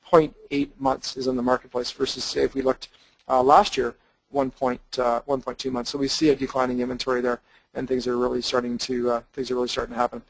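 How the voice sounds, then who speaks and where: A man's voice: mid-range voice, flat delivery, fast, vocal fry, rough recording. A man presenting real estate investment data over slides in a casual, explanatory way, with many fillers and restarts.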